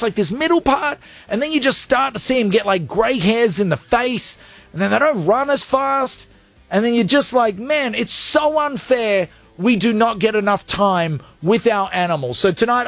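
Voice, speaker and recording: A man hosting a call-in radio segment, ranting with energy and then talking softly and from the heart. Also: very high voice, no room sound. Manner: energetic, rants loudly, then goes soft and heartfelt. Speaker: radio host.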